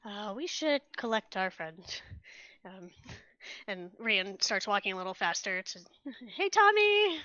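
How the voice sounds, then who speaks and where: Female player with a bright, crisp voice, light manner, dry lo-fi recording. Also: mid-range voice, a little slow, no echo. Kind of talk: casual tabletop play. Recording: dry, slightly dull lo-fi audio.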